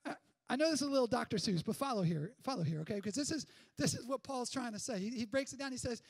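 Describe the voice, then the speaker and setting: A man preaching a sermon in an energetic, conversational way, full of rhetorical questions and quick restarts. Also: extremely high pitch. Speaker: pastor.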